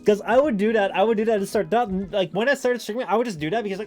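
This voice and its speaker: A man's voice: fast talker, a little mellow, faint music behind. Chatty Dutch-accented young man streaming. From Netherlands. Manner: rambling, lots of "like", laughs often, sudden high squeaky bits. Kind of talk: casual chat to a live stream audience.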